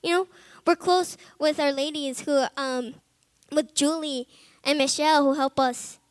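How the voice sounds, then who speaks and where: This young adult woman, a Bible college student, shares her testimony with classmates in a bright, high voice, keeping a steady tone and measured pace. Casual "like"s and "um"s fill her talk, and she becomes soft, subdued and earnest at the heavy parts. The sound is close and dry, with no echo.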